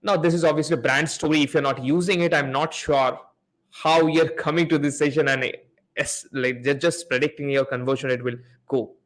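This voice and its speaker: A man's voice: on the high side, steady tone, moderate pace. Man hosting a live seller-ads Q&A. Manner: explains step by step, repeats points, asks the audience questions. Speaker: host of a live Amazon PPC Q&A session. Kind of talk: live webinar teaching with screen share.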